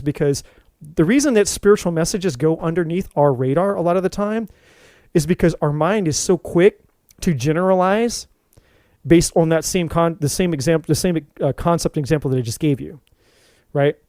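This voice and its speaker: A man hosting a spiritual talk to camera, telling an animated story, swearing freely, and often restarting his sentences. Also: a little high, brisk, no echo. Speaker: tarot reader and spiritual channel host.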